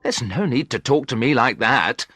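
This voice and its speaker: A man's voice: medium pitch, animated, moderate pace, sharp tone, slightly rough, no echo, studio quality, voice pushed up. A man putting on a flustered woman friend. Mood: indignant.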